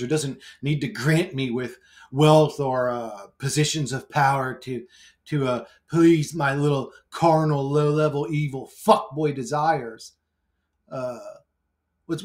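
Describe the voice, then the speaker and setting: Brash, foul-mouthed man ranting casually. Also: a little high. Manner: brash, profane, rambling, laughs often. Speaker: YouTuber. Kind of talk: casual vlog monologue.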